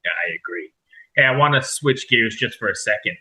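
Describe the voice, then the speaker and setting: A man interviewing a guest, asking relaxed, conversational questions. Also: medium pitch, a little fast, rough recording.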